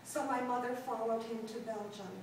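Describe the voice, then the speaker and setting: A woman in her sixties from Los Angeles, a performance artist telling her life story to a gallery audience in a halting way, with frequent pauses and ums. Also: a little high, fairly even intonation, darkish tone, slight background noise. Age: 60s. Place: gallery room before an audience. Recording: very echoey room, distant mic.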